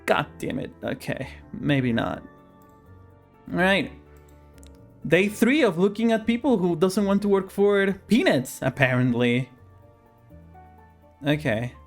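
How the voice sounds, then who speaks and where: Playful, lively man streaming a game. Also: fairly high pitch. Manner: playful, jokey haggling with in-game characters. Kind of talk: casual live-stream commentary while gaming.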